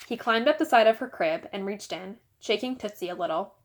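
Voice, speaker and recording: A woman teacher reading a children's novel aloud with expressive, animated storytelling. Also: medium pitch, normal speed, hardly any pauses.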